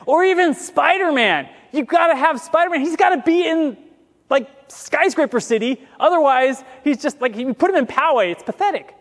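High-voiced pastor preaching in a hall. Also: male voice, animated, a bit bright. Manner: conversational preaching with asides, slowing for scripture. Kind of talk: sermon.

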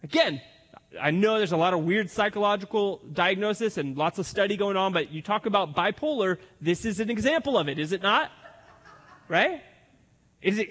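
In a big church hall with a long reverb, a male pastor preaches an energetic sermon at normal speed, acting out the lines of the story's characters. His voice sits high and swings all over the place.

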